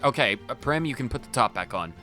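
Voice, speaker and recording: A man's voice: mid-range voice, lively intonation, quick pace, pushed and bright, faint music behind. A man hosting a video game playthrough with casual, jokey, rambling commentary. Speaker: gaming channel host.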